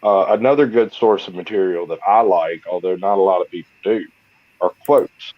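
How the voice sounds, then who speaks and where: A man's voice: deep voice, moderate pace, dry recording. A man chatting casually on a live stream call, easygoing and chatty, telling stories with plenty of fillers. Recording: dull lo-fi dry sound.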